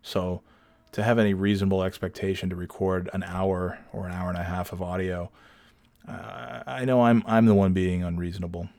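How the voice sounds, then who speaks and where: A man's voice: sits low, steady tone, moderate pace, gravelly, a little mellow, dry recording. Profane, rambling man podcasting at home. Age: adult with children. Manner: rambling, profane, self-deprecating. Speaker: podcast host. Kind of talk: casual solo podcast storytelling. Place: home recording setup.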